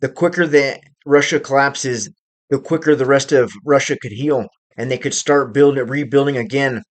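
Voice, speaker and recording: A man at an ordinary middle pitch hosts his own commentary video. He speaks off the cuff about current events and often stops to search for the next word. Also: fairly even intonation. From United States. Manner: unscripted, pausing often to find words. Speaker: channel host.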